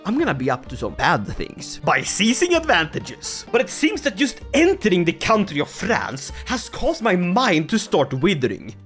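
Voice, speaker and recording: A man narrates his strategy game with big, excitable swings in pitch, jumping from low mutters to shouted delight. He jokes constantly and laughs often. Faint music plays behind him. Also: moderate pace, hardly any pauses. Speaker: gaming YouTuber.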